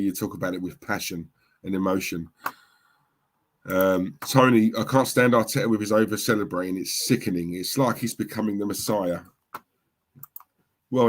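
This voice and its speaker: A middle-aged man hosting a football watchalong, reacting loudly to the game and reading out chat comments. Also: fairly low pitch. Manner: animated, reacts loudly to goals and reads chat.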